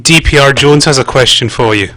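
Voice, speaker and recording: A man's voice: mid-range voice, a little fast, sharp tone. A man in casual chat who plainly relays viewer questions as moderator.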